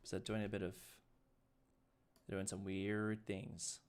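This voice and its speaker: A man's voice: lowish voice, flat delivery, takes it slowly, smooth. An Australian man chatting casually while streaming a city-building game, laughing often and restarting his sentences. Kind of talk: casual livestream chat.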